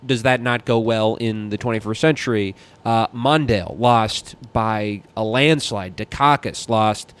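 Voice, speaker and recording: A man's voice: on the low side, a little slow, hardly any pauses, a bit bright, smooth. A man co-hosting a casual political podcast, talking in a heated, rambling way with frequent restarts. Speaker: podcast co-host.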